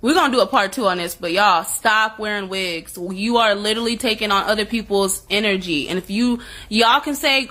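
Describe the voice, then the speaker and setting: A woman's voice: medium pitch, fairly quick, few pauses, bright, forceful tone. A woman in casual chat who talks emphatically and speaks straight to her viewers. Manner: emphatic, addresses viewers directly. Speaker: co-host.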